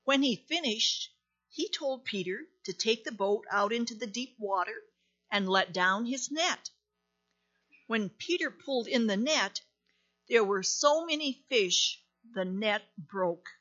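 Female storyteller, gentle and deliberate, high and clear, muffled lo-fi recording. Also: expressive. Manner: gentle, deliberate, dramatic pauses. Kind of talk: slow storybook reading.

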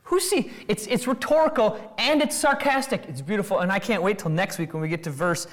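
The expository sermon comes from an animated preacher who throws out rhetorical questions and dramatizes quoted voices. He talks a little fast, at a medium pitch.

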